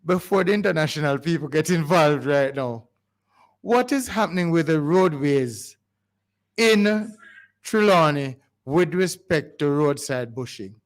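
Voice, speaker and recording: A man's voice: on the high side, lively intonation, unhurried. A man with a Jamaican accent hosting a community radio show, talking in a rambling, pleading way with frequent restarts. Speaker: radio host. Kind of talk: call-in community radio talk. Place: radio studio.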